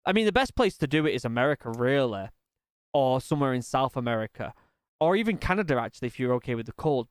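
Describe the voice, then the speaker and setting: Guy, young, live-stream chatter, clear and dry, light music underneath. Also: medium pitch, no echo. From United Kingdom. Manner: chatty, reads viewer comments aloud, swears casually. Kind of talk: casual live-stream chat.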